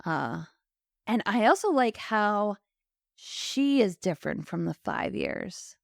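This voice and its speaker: Chatty woman with a gravelly edge. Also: medium pitch, very animated, slow pace, no room sound, clean studio sound. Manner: chatty, acts out characters' lines in quotes. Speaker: podcast co-host. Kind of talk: casual chat recapping an episode.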